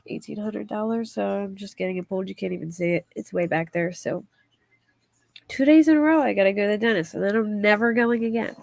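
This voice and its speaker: A woman's voice: mid-range voice, vocal fry, darkish tone, no room sound. A woman hosting a casual livestream, chatting in a rambling way and reading viewer comments aloud. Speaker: livestream host.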